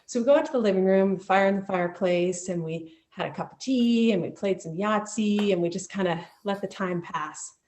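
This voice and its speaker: A woman recounts a personal memory in a vivid, emotional, conversational way. Her voice sits at a middle pitch and comes through a video call. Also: brisk, few pauses, a little mellow. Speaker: storyteller. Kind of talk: personal storytelling.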